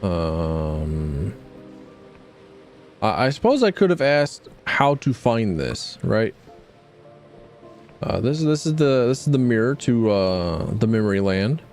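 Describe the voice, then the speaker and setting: Male streamer, rambling and self-deprecating, mellow tone over faint game music. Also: on the low side, sing-song, slow pace, pauses often. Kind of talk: reading game text aloud and chatting.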